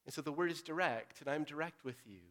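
A pastor preaching an earnest, direct sermon, moving between loud urging and quiet, pressing appeal. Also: male voice, a little high, fast talker.

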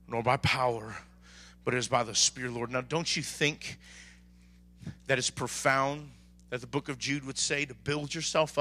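Pastor guy preaching, high bright voice, hollers and asks the crowd to answer back. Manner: preaches with sudden shouts and call-and-response. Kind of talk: sermon.

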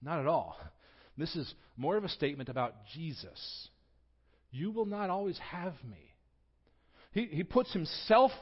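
A pastor with a fairly high-pitched voice preaches a sermon in a church sanctuary, swinging expressively from quiet to loud. The recording sounds dull and lo-fi.

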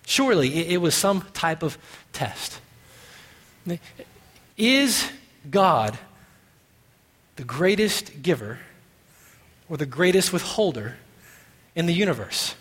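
A man preaching a sermon as pastor, emphatic, moving from quiet musing to loud stressed phrases. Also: fairly high pitch, sing-song, slow pace, long pauses. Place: church sanctuary. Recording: long reverb of a church hall.

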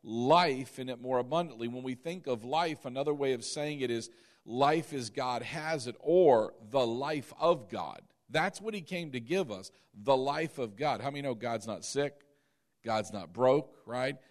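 A man preaching a sermon, asking the congregation questions and building from soft to loud emphasis. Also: medium pitch, a little slow. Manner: call-and-response questions to the congregation. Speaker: pastor.

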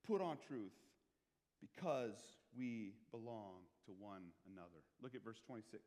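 A man preaching a sermon as pastor, talking in a conversational way, asking the congregation questions and swinging between quiet asides and loud emphasis. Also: fairly low pitch, animated, measured pace. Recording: long hall reverb.

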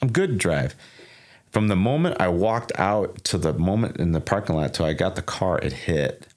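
A man in his forties from Sauk Valley, Illinois, tells a personal story as a podcast guest, speaking at normal speed with a low, darkish voice and lively intonation. His casual storytelling rambles, with repeated words and acted-out quotes.

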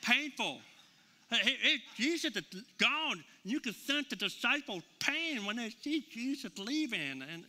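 A middle-aged man preaching a sermon in a high, piercingly bright, forceful voice. He tells stories casually, with lots of fillers and restarts. His voice rings out with a long hall echo. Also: very animated, a little slow. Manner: conversational storytelling with many fillers and repeats. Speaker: pastor. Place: church sanctuary with a live congregation.

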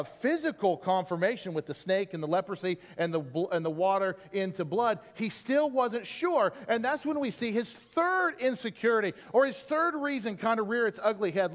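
High-voiced man preaching in an echoing hall. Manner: animated storytelling, acting out biblical figures. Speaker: pastor. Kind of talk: sermon. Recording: long reverb of a church hall.

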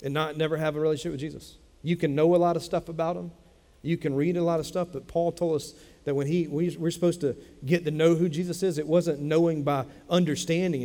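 A man's voice: fairly high pitch, darkish tone, big-room sound. A man preaching a sermon as a pastor, speaking in a conversational way and repeating phrases for emphasis. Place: church sanctuary.

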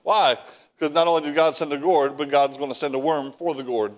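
A man's voice: fairly high pitch, steady tone, brisk. A man preaching a sermon, reading scripture and acting out the prophet's prayers, repeating words as he builds each point. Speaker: pastor.

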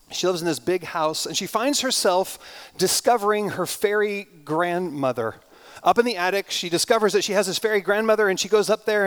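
A pastor preaching a sermon, retelling a story in an animated, conversational way. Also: male voice, high voice.

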